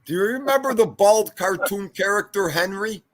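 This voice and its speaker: A man with a high voice co-hosts a livestream podcast at a moderate pace, telling stories in casual chat. He keeps checking in with "okay?"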